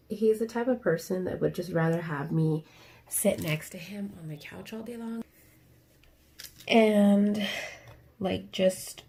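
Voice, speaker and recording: A woman's voice: mid-range voice, gravelly, mellow. A young adult woman chatting casually while she crafts, rambling and ranting with lots of fillers. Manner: rambling and ranty, many fillers. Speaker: craft vlogger. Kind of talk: casual chat while diamond painting.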